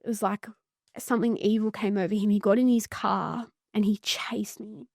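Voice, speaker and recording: A woman's voice: mid-range voice, steady tone, moderate pace, creaky, darkish tone, no echo, clean studio sound. An Australian woman, a psychotherapist guest, telling a painful personal story in an earnest, intense and blunt way. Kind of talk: emotional personal story in podcast conversation.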